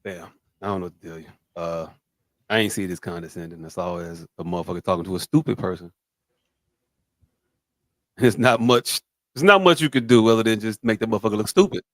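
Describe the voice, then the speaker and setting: Lower-voiced male co-host, dry and teasing. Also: fairly quick, long pauses, no room sound. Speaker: podcast co-host. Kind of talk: casual podcast banter.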